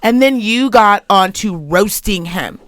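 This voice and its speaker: A woman co-hosts a podcast in relaxed chat. She tells stories in a loose, rambling way and swears freely. Her voice sits in a middle pitch, recorded close and dry. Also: a little slow, no room sound. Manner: chatty storyteller, swears freely. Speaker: podcast co-host. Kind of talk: casual chat.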